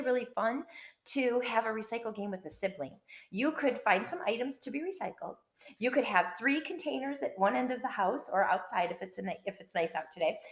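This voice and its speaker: A woman teacher giving a remote lesson to young children, encouraging and narrating as she writes and draws. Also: fairly high pitch. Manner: encouraging, talks while drawing and pointing. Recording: echoey room.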